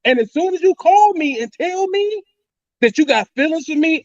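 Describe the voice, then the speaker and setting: A man's voice: extremely high pitch, animated, moderate pace, dry recording. A man talking brashly and boastfully in a casual podcast discussion, swearing freely. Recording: dry, dull lo-fi mic.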